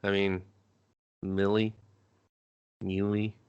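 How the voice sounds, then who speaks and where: A man's voice: on the low side, monotone, very slow, clean tone, highs cut off. A young adult man co-hosting a movie review podcast, recapping scenes in profane, joking banter and slipping into silly voices. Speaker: podcast co-host.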